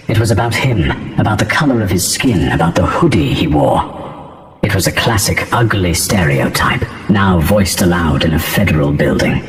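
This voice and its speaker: A man narrating a scripted story in a steady, even delivery. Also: sits low, roomy sound.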